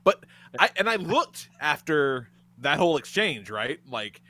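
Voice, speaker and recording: A man with a bright, high-set voice, swinging up and down as he tells a funny story on a podcast. He talks casually, swears and laughs, and acts out the lines of the people in his story. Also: very animated, unhurried. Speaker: podcast host.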